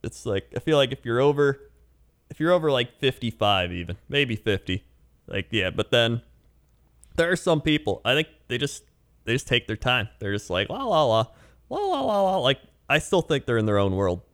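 A man chatting casually as a co-host, with a lively, swooping voice. He tells his stories with animated mimicry and breaks into high put-on voices for the people in them. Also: moderate pace. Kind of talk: casual chat.

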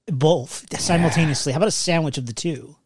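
A man co-hosting a casual podcast, trading dry, deadpan quips. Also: a little high, brisk, noisy background. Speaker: podcast co-host. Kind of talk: casual banter.

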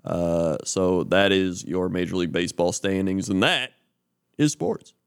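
A man's voice: deep voice, measured pace, gravelly, clean tone. A man co-hosting a podcast, reading mock sports and news segments in a casual, laughing way. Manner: laughs often, reads news items aloud with stumbles. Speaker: podcast co-host.

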